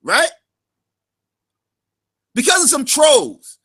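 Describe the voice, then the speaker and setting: Vlog host, male, very high and tense voice, heated profane rant with frequent shouting. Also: expressive, drawn-out words, creaky. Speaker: channel host. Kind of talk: ranting vlog commentary.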